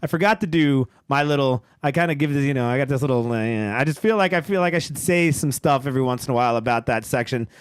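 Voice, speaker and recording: A man's voice: medium pitch, fast, hardly any pauses, clear, resonant tone, no echo. A man hosting a podcast, reading a cannabis news roundup in a loose, joking way and swearing freely. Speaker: podcast host. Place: podcast studio.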